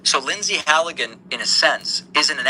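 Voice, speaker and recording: A man's voice: fairly high pitch, expressive, normal speed, bright, forceful tone, slight background noise, low-quality recording. A man giving pointed, critical political commentary in a played clip. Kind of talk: opinion commentary.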